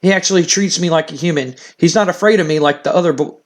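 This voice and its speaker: A man's voice: on the high side, quick pace, pitched above the performer's own voice, lightly acted. A man voicing an upset young woman pleading with her father, stammering as she speaks.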